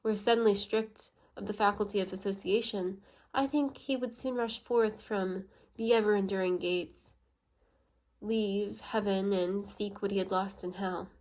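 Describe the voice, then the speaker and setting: Storybook: a proud, defiant young woman read plainly by a woman narrator, flat, measured delivery. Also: medium pitch, natural voice. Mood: earnest. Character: proud earnest young Swiss woman, defiant when stirred.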